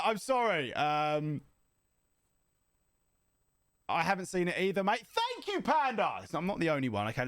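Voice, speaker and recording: A young man streaming a reaction video, chatting to viewers in an excitable, jokey, shouty way. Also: high voice, dry recording. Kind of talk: casual live reaction chat.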